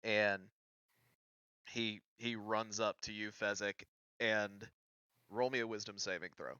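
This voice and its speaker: A man narrating a tabletop game as game master, with a slow, relaxed delivery. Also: lowish voice, clean tone, no room sound, highs cut off.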